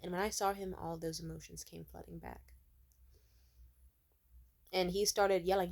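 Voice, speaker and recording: Young woman, low voice, rambling profane vlog rant, sitting at home. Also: moderate pace, vocal fry, darkish tone. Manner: rambling, profane, many "like" fillers. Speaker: vlogger. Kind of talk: casual storytelling rant.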